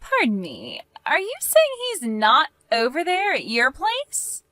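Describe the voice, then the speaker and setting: Woman playing a huffy self-centered neighbor lady, high lively voice, dry close sound. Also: slow, dry recording, full character voice. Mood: indignant. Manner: indignant, scoffing. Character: selfish, defensive woman neighbor.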